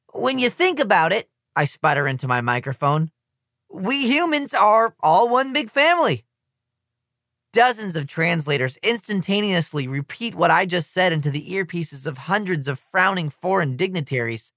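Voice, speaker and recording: Lively, bright male audiobook narrator. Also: high voice, no room sound, clean studio sound. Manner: lively, comic, youthful first-person delivery. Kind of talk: first-person audiobook narration.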